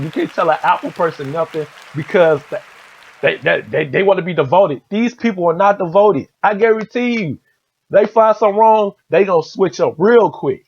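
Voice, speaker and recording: Profane ranting man, high voice, lo-fi. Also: normal speed, slight background noise. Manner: profane, heated, repetitive ranting. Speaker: podcast host. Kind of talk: solo podcast rant. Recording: dull lo-fi podcast audio.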